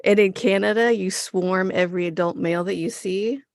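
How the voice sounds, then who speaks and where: A woman's voice: mid-range voice, fairly even intonation, moderate pace, dry recording, clean studio sound. A woman co-hosting a podcast, chatting casually and sarcastically about a TV episode, laughing often and swearing freely. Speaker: podcast co-host. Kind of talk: casual chat recapping a TV episode.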